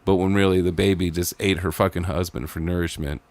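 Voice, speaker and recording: A man with a notably deep, low voice chatting loosely on a podcast. He wanders through ideas with plenty of fillers, and the mic is close and dry. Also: steady tone, a little fast, darkish tone, no room sound. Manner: rambling, full of "like" and "maybe". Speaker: podcast co-host. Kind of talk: casual brainstorming chat.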